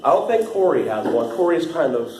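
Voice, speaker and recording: In an echoey room with a little ambient noise, a young haunt trail actor breaks in new staff in a loose, rambling way, full of laughter and filler words. He speaks fairly quickly in a higher voice, with lots of animation.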